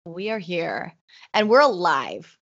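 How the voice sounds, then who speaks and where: A woman co-hosting a podcast in casual, excitable chat, her voice a little hoarse from illness, laughing often. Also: on the low side, slow, muffled recording. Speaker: podcast co-host.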